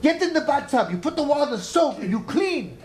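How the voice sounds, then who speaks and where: A man putting on the voice of a blunt, fatherly older man, scolding someone loudly. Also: very high voice, sing-song, normal speed, pitched above the performer's own voice.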